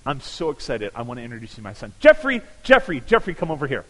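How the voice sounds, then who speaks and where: A man quoting an eager elderly woman who wants to introduce her son, speaking quietly during a sermon story. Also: medium pitch, huge pitch swings, quick pace, pitched below the performer's own voice, low-quality recording.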